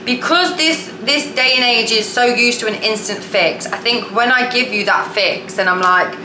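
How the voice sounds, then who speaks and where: A woman's voice: a little high, moderate pace, background noise. A woman who coaches manifestation, chatting bluntly and casually with some swearing while she cooks dinner at home. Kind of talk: casual vlog talk while cooking. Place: home kitchen, cooking dinner. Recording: echoey kitchen with cooking clatter.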